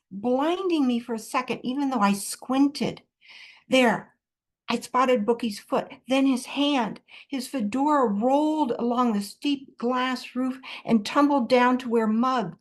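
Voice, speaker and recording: Unhurried high-voiced woman reading aloud. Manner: first-person storytelling, expressive. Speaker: author. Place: live reading event.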